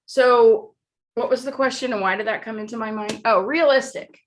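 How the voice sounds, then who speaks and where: A woman's voice: a little high, normal speed, slight background noise. A woman co-hosting a podcast in casual chat, reflective and questioning, with dry comebacks. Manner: reflective, asks probing questions, dry retorts. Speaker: podcast co-host.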